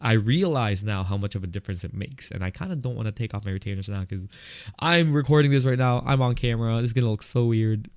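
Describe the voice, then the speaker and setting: Young guy w a lisp doing his solo podcast, excitable, super open, dry close sound. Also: medium pitch, no echo. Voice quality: lisp, more pronounced with retainers in. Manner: excitable and candid, laughs, quick asides. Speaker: podcast host. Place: indoors, filmed on camera.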